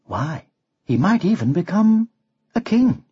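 A man voicing a gentle, affectionate young wife in a storybook, speaking softly in his own voice. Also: sits high, very animated, unhurried, dull audio, slight background noise. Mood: tender.

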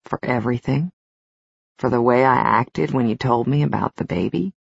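A woman narrator voicing a remorseful husband in a romance novel, speaking low and earnest. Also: moderate pace, vocal fry, husky, no room sound, exaggerated voice. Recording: slightly dull, dry studio recording.

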